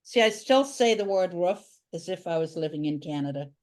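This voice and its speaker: A woman's voice: fairly low pitch, expressive, fairly quick, darkish tone. A woman art teacher giving a drawing tutorial, talking chattily and thinking aloud as she draws.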